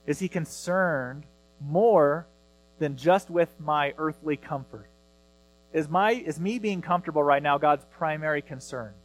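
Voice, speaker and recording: A man in his thirties preaching a sermon as pastor, earnest, rising loud when he reads scripture. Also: fairly high pitch, a little slow, a little hiss or hum, poor audio.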